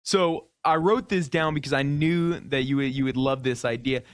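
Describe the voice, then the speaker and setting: A man's voice: medium pitch, fairly even intonation, moderate pace, no echo. A man co-hosting a radio sports talk show, bringing prepared topics and asking questions with a careful, hedging manner. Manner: prepared, asks questions, hedges with "I think".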